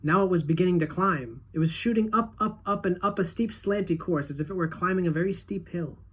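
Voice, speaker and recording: A woman teacher reading a children's book aloud to a class, in a steady, clear storytelling manner. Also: lowish voice, a little fast.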